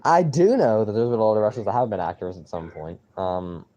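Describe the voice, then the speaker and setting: A man's voice: lowish voice, fairly quick, highs cut off. Rambling young man reacting to football. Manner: rambling, excitable, mild swearing. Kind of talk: casual live-stream reaction.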